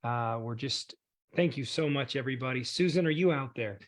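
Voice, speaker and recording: Male host of a community call, warm and effusive, mid-pitched. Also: moderate pace. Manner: warm, effusive thanks and praise. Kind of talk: hosting a community video call.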